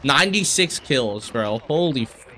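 A young man streaming a shooter game, commenting live with profane, excitable and frustrated outbursts. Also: mid-range voice, a little slow, slight background noise. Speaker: gaming streamer.

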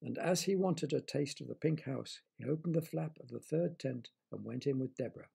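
Man, children's storyteller, gentle explaining manner, very gravelly, husky. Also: mid-range voice, a little fast.

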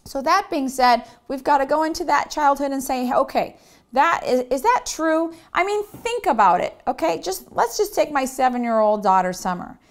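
A woman's voice: high-pitched, lively intonation, moderate pace. A woman in her thirties, a wellness coach, giving a candid self-help lesson and telling personal stories with acted-out quotes. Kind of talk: motivational self-help talk.

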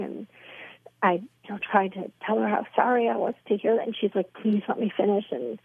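A woman's voice: mid-range voice, breathy edge, no echo. A woman guest telling her story in an earnest, fervent way, full of "you know" fillers, heard over a phone line. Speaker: guest, pro-life advocate. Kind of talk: storytelling in a podcast interview. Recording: tinny phone line, dry.

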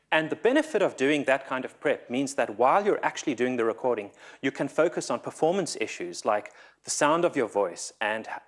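A man giving a conference talk, nervous, often stumbling and repeating his words. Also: medium pitch. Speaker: conference speaker. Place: conference hall.

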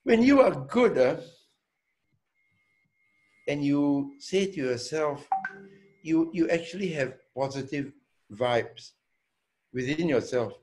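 A hotel owner talks through a student Q&A in a slow, measured way and leaves pauses between his points. His voice sits a little high for a man. He stresses ideas by repeating words and keeps checking in with his listeners. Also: lively intonation, darkish tone. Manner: slow, deliberate, checks in with "yeah?"; repeats himself for emphasis. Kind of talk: Q&A talk.

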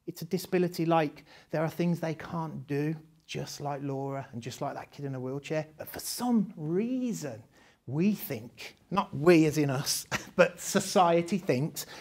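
A man's voice: fairly high pitch, a little slow, a little mellow. A man leading a live training session for teachers, talking conversationally with rhetorical questions and frequent laughs.

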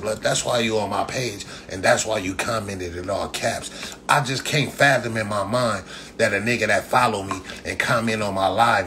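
A man's voice: on the low side, fairly bright tone, a little hiss or hum. A man ranting casually and profanely at commenters on his livestream, throwing in "blood" after nearly every line. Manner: loose, profane trash talk, repeats "blood" constantly. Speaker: livestream host.

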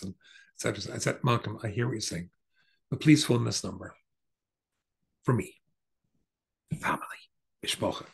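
A man's voice: mid-range voice, fairly even intonation, normal speed, gravelly, long pauses, a bit bright, rough recording. A man, a rabbi, telling a long personal story in a rambling, anecdotal way with many asides. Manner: anecdotal, digressive, with asides and restarts. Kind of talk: storytelling talk.

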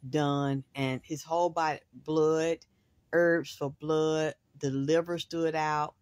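A woman hosting a spiritual reading, rambling in an excitable monologue and swearing freely in long run-on sentences. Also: low voice, no room sound, clean studio sound. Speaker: host, spiritual reader.

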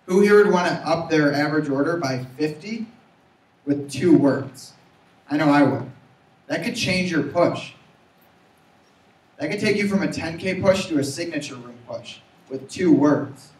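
A young man giving an energetic motivational sales talk, urging his audience to repeat after him. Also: on the high side, moderate pace, pauses often. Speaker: sales trainer. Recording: roomy, from far off.

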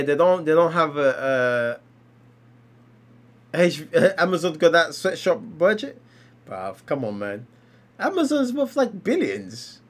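Animated streamer, lively voice. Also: male voice, sits high. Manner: animated, exclaiming and laughing while reacting. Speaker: livestreamer reading comics. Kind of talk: casual live-stream commentary.

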